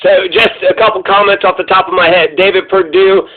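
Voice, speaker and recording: A man offers casual political commentary, rambling and full of fillers, with occasional curses. His voice sits high for a man. The sound is thin and tinny, like a phone line. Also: steady tone, fairly quick. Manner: rambling, profane, many fillers.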